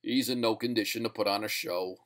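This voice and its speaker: A man's voice: lowish voice, fairly even intonation, brisk, fairly bright tone, close to an everyday voice. A man voicing a stern, irritable male scientist who speaks in a curt, lecturing way.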